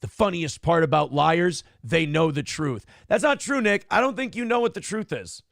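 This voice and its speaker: A man's voice: a little high, animated, moderate pace, vocal fry, fairly bright tone, no room sound, clean studio sound. A man hosting a casual morning show, talking in a blunt, profane and sardonic way. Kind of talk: casual podcast chat.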